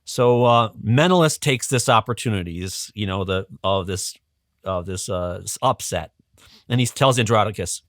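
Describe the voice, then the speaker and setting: Animated storytelling man, dry close sound. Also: lowish voice, normal speed, no echo. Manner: animated, chuckling, many restarts. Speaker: guest educator. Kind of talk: casual storytelling on a podcast.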